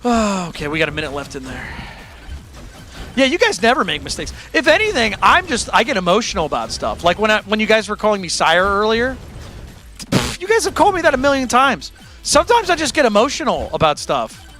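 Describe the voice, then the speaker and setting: A man with a high, bright, forceful voice hosts his own music livestream. He chats with his live audience in a candid, rambling, self-deprecating way.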